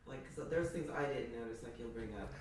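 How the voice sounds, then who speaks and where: A man chiming in as co-host, soft-spoken and encouraging in casual conversation. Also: mid-range voice, fast talker. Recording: off-mic with crowd noise.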